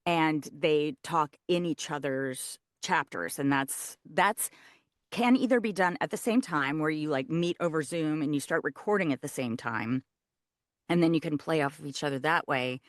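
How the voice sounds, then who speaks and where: A woman audiobook narrator, a guest in a casual interview, explaining her work in an animated way. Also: low voice, normal speed, no echo, clean studio sound. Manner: animated, shows voice placement while explaining.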